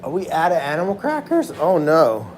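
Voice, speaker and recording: Man, slightly high voice, excitable, chatty, casual livestream host, animal sanctuary barn. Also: normal speed, slight background noise. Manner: excitable, chatty, thanks donors by name. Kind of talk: casual live-stream chat.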